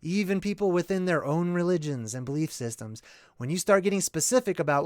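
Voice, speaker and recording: A man talks through a casual livestream explainer, thinking aloud and correcting himself as he goes. His voice sits a little higher than most men's. The sound is dry, with no room echo. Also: animated, brisk. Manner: thinks aloud, checks in with "right?"; rambling, self-correcting. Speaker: channel host.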